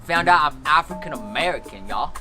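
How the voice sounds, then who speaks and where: A man's voice: on the high side, expressive, brisk, over music, close to an everyday voice. A young man playing a white teenage boy who poses as a street thug, slangy and swaggering. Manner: slangy, swaggering, calls everyone dog and G. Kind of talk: comedy sketch.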